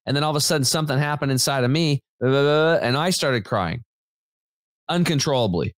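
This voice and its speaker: A man talks as a podcast guest, telling a story in a loose, rambling way with plenty of "like" and "dude". His voice sits in a middle pitch. It sounds dry, with no room echo. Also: fairly quick. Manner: rambling and animated, many fillers and restarts; informal, says "dude" and "like". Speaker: podcast guest, health company founder. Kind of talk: casual storytelling in conversation.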